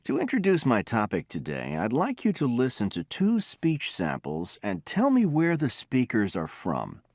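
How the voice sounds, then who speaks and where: Lively, lecturing man in a dry studio. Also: medium pitch, normal speed, dry recording. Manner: explanatory, demonstrates sounds by example. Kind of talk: recorded textbook lecture.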